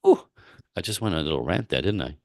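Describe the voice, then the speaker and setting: Low-voiced man, rambling relationship coach. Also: fast talker, no room sound, studio quality. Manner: rambling, animated storytelling with frequent laughs and restarts. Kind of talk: live-stream Q&A advice.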